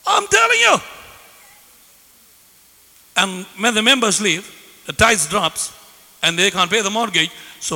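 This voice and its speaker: Fiery male pastor mid-sermon, bright, piercing tone with a gravelly edge, echoing in a hall. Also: high-pitched, big pitch swings, measured pace, long pauses. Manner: impassioned, fervent, bursts into shouting.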